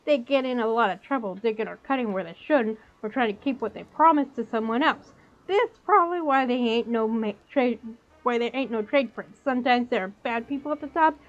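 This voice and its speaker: A woman's voice: on the high side, muffled recording, lightly acted. A woman voicing a streetwise old female goblin fixer with a put-on New York accent, folksy and conspiratorial.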